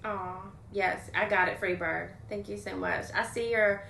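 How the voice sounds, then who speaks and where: A young woman talks straight into her phone on a livestream, venting bluntly and swearing freely between thanks to viewers. Her voice sits at a middle pitch. The room gives it a noticeable echo. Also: steady tone, unhurried, gravelly, pushed and bright, a little hiss or hum. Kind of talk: casual livestream chat. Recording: roomy echo.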